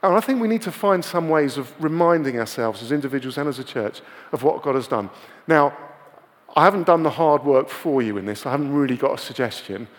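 A man preaching a sermon to his church in a relaxed, conversational way, often putting rhetorical questions to the congregation. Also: medium pitch, fairly quick, long reverb tail.

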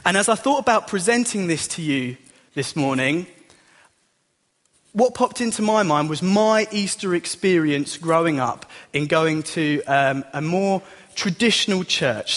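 A man's voice: high-pitched, fairly bright tone. A young man giving a chatty, self-deprecating sermon as a youth leader in a church. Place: church hall. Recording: long hall reverb.

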